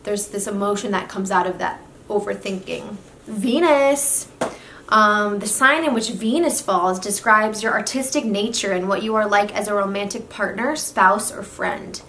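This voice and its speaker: A young woman chatting casually to her viewers, her voice sitting at a middle pitch. She is quick to say "literally" and "like" as she talks. The room around her is echoey, with a faint hiss behind. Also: pushed and bright. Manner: chatty, says "literally" and "like" a lot. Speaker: astrology vlogger. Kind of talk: casual talk to camera.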